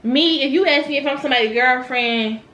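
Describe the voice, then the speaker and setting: Young woman from Virginia, animated storytime vlog, bright voice, echoey room. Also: sits high, brisk. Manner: animated, swearing, laughing. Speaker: vlogger. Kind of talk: casual storytime monologue.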